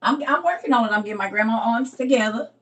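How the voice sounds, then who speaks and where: Racing along in a high, animated, fairly bright voice, a middle-aged woman leads a casual Bible study livestream. She teases, chats, and laughs a lot, and her voice comes from some distance from the mic.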